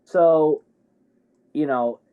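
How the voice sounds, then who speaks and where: A man co-hosting a podcast in casual chat, hesitant and halting, often restarting his sentences. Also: on the high side, smooth, narrow, tinny audio. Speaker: podcast co-host.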